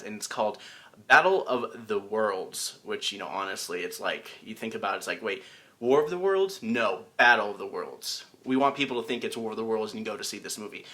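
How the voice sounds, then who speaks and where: A man's voice: on the low side, bright, forceful tone. Casual rambling morning show host man. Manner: loose, rambling, filler-heavy.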